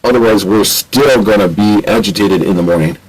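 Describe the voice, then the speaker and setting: A man voicing a calm, caring male Sasquatch who speaks low and slow. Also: close to an everyday voice, low-quality recording.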